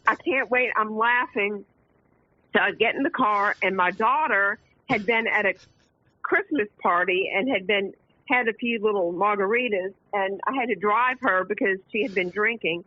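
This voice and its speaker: A woman calling in to a radio show, telling a family story in an animated way, laughing often and acting out the quotes. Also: on the high side, no echo. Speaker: caller. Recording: phone line.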